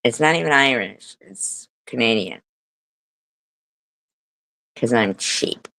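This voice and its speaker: A woman's voice: rumbling low, expressive, slow pace, vocal fry, sharp tone, no echo. A woman hosting a casual live stream, giggling often, swearing freely and breaking into playful bits of song. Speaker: livestream host.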